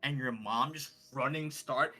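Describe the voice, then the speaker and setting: A man's voice: medium pitch, measured pace, bright, forceful tone, faint music behind. A man narrating as game master of a tabletop game, with many fillers and restarts. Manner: hesitant, filler-heavy narration.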